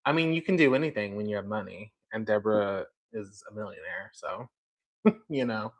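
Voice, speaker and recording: A man's voice: lowish voice, normal speed. A man hosting a casual livestream, rambling through a story with lots of "like" and "um" while talking directly to a viewer in chat. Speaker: livestream host.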